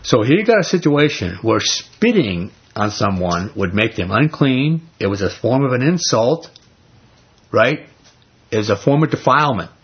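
A man's voice: mid-range voice, big pitch swings, normal speed, breathy edge, lo-fi sound. A man leading an informal Bible study. He retells scripture in everyday speech and keeps asking the group rhetorical questions.

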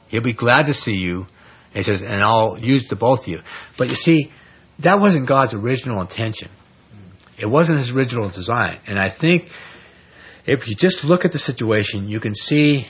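A man teaching an informal Bible study, retelling scripture in a conversational, animated way with plenty of fillers. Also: mid-range voice, breathy edge. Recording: dull lo-fi recording.

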